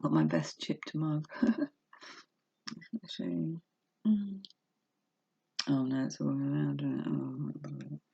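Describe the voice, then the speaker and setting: Gravelly woman on a lo-fi webcam. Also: rumbling low, very animated, slow pace, long pauses, dark tone. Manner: emotional, open, chatty with laughs and self-talk. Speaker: vlogger reading a self-help book aloud. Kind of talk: casual rambling vlog. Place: home room. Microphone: laptop webcam mic. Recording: dull lo-fi webcam recording.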